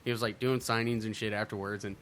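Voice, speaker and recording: A man's voice: lowish voice, flat delivery, quick pace, fairly bright tone. A man co-hosting a podcast, telling a story in casual, profane chat and laughing often. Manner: profane, laughing storyteller who acts out quotes. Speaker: podcast co-host.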